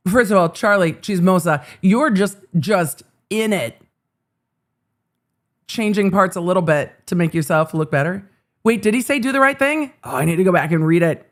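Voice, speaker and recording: A woman hosting live trial commentary, reacting with sarcastic, exasperated asides. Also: mid-range voice. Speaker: legal commentary host.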